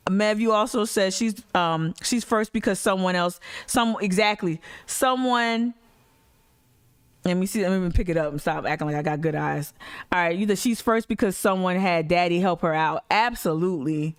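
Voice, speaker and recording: A woman's voice: on the low side, moderate pace, smooth, dry recording. A woman hosting a livestream, giving blunt, sarcastic, profane commentary on clips. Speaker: livestream host. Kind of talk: heated commentary reacting to clips.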